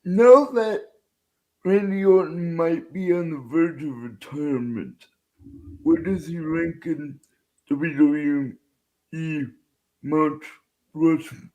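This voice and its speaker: A man in a casual chat, hesitant, pausing with many fillers. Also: fairly high pitch, mellow, poor audio.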